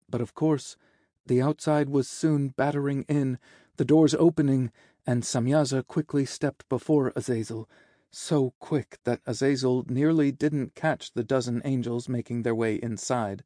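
A man narrating a fantasy story in a measured, descriptive way. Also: medium pitch, steady tone, mellow, dry recording, studio quality. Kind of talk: audiobook narration.

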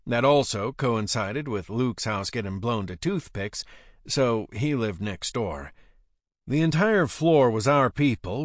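A man's voice: lowish voice, no echo, clean studio sound. A man reading an audiobook aloud, narrating with a wry, sardonic manner. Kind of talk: scripted narration.

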